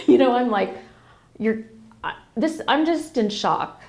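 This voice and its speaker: A woman's voice: fairly high pitch, lively intonation, measured pace, darkish tone. A woman, a podcast guest, recounting a family story casually and acting out the quoted dialogue as she goes.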